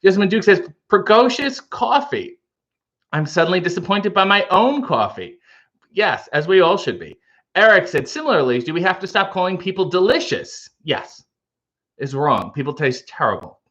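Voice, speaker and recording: A man with a slightly high voice hosts a relaxed livestream, making coffee while he reads viewers' comments aloud. His delivery is playful, full of wry little asides. The recording sounds dull and lo-fi. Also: normal speed. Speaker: livestream host reading chat. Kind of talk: casual livestream chat.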